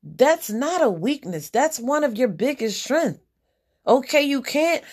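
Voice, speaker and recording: A woman's voice: high voice, sing-song, measured pace, a little mellow, husky. A woman hosting a podcast, giving a general spiritual reading as a blunt, profane pep talk that repeats its key lines.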